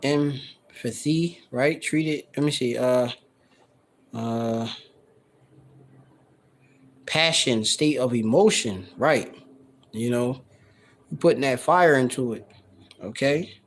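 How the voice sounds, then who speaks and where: Slow-talking man teaching from scripture. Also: mid-range voice, poor audio. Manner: loose and conversational, heavy on "you know" and "all right"; reads verses slowly and sounds out words to define them. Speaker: Bible teacher. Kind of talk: casual scripture study. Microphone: handheld phone camera, no tripod.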